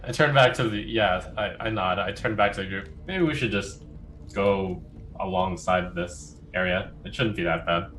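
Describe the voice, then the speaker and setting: A man's voice: low voice, moderate pace, a bit bright, slight background noise. A man taking part as a player in a tabletop role-play, talking hesitantly with fillers.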